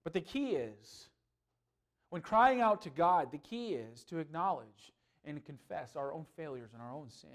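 A man, a pastor, preaching a sermon with passion, swinging between loud pleading and hushed earnestness. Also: a little high, expressive, unhurried.

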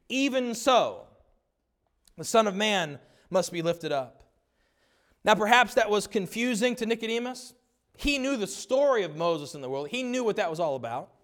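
High-voiced preacher, emphatic and earnest. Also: male voice, fairly bright tone. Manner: earnest, emphatic preaching with slow stressed repetitions; acts out quoted dialogue in changed voices. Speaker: pastor. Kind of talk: sermon.

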